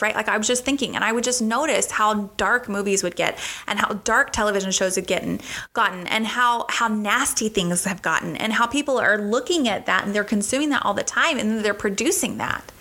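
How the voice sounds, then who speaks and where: A woman's voice: a little high, bright, forceful tone. A young woman from the United States giving earnest, casual faith teaching, repeating phrases for emphasis. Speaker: Christian teacher.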